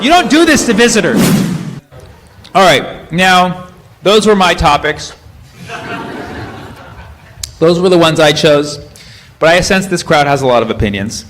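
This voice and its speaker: A male stand-up comedian working the crowd with animated, teasing banter on a club stage. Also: sits high. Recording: live stage recording with crowd noise. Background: audience laughter.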